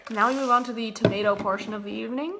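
A woman's voice: on the high side, steady tone, racing, noisy background. A young woman livestreaming from her kitchen, chatting casually, reading comments and breaking into song. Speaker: livestream host, singer. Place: home kitchen.

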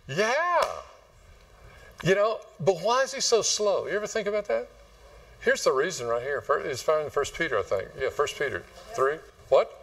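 A man's voice: on the high side, fairly bright tone, far from the mic, slight background noise. A man from West Texas, preaching a folksy, rambling sermon and quizzing his congregation. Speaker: pastor. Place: church sanctuary.

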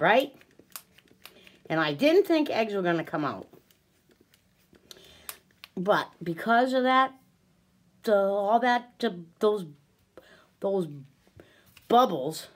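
A woman's voice: medium pitch, a bit bright. Agitated older woman ranting angrily. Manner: agitated, swearing, stammering restarts, bitter laughs. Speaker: vlogger filming herself. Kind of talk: angry self-filmed rant.

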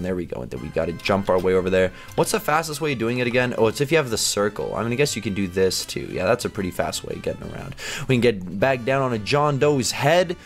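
A man giving excitable commentary over his own video game play as a gaming video host. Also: on the low side, gravelly. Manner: animated, squeals and baby-talks at cats. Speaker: gaming YouTuber.

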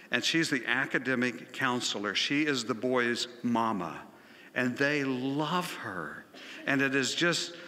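A man's voice: mid-range voice, pushed and bright, in a large hall. A senior pastor, a man, preaching a sermon with conversational, emphatic storytelling. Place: large church sanctuary.

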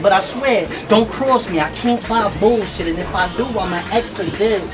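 A man performing a battle rap, aggressive and taunting, shouting his punchlines. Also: very high-pitched, animated, brisk, few pauses, over loud music. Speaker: battle rapper.

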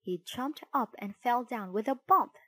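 Woman storyteller, lively melody, slow pace, dry close sound. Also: a little high, no echo. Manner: expressive, unhurried. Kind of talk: children's storybook narration.

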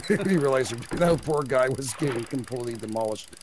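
A man's voice: medium pitch, fairly quick, background noise. A man chatting casually while playing a co-op survival game, stammering a little and laughing often. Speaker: game player. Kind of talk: casual co-op gaming chat.

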